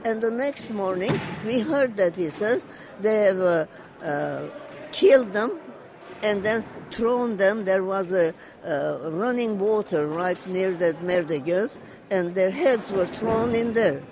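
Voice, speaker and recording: A person slowly recounting a family story in an oral history interview, halting, repeating phrases and passing on quoted words. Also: mid-range voice, lively intonation, noisy background.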